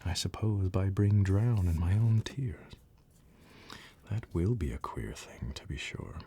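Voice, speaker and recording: A man's voice: sits low, animated, a little slow, a little hiss or hum. A man whispering the part of a curious, polite little girl in a bedtime storybook reading, as whispered role-play. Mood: wondering. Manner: soft, breathy whisper, earnest and fretful.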